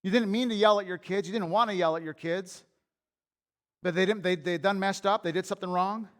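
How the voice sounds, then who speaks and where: A man's voice: high-pitched, fairly even intonation, brisk, fairly bright tone. A man preaching a sermon as pastor in a church, telling candid personal stories in a conversational way and repeating words as he builds a point. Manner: repeats and restarts words when worked up.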